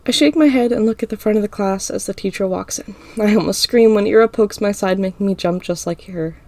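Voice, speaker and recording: A woman's voice: medium pitch, fairly quick, mellow, no room sound. A woman reading a first-person story aloud as an audiobook in a casual, unpolished way. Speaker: audiobook narrator.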